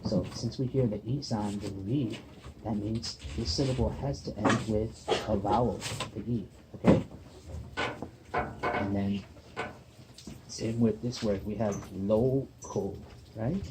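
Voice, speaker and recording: At a table at the back of a busy classroom, a male student teacher gives a patient one-on-one reading lesson, often checking in with "okay?" and "right?". His voice sits on the low side with a steady tone, a little slow and full of pauses. Heavy background noise of classroom chatter surrounds him.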